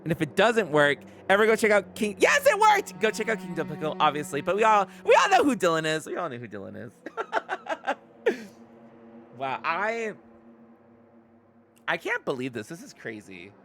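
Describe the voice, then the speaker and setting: A woman streaming a video game, chatting excitedly with her viewers and laughing often. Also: low voice, moderate pace, long pauses. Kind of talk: casual live-stream commentary.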